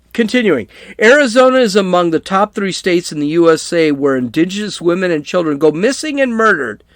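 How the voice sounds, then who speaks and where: A man hosting a political podcast, ranting with anger and sarcasm and sometimes raising his voice to a shout. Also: high-pitched, no room sound, clean studio sound. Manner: angry, sarcastic, shouts at times.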